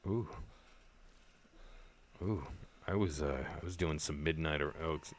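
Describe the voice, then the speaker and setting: Man, gaming commentary, deep voice, unhurried, crude jokes, laughs a lot. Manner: joking, crude humor, frequent laughter. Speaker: gaming video host. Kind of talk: horror game let's play commentary.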